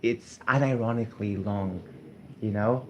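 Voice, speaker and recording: A man's voice: on the low side, measured pace, noisy background. A man vlogging to camera while unwell, talking casually and hesitantly with many fillers and restarts, recorded on a tablet. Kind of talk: casual rambling talk to camera. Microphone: tablet streaming.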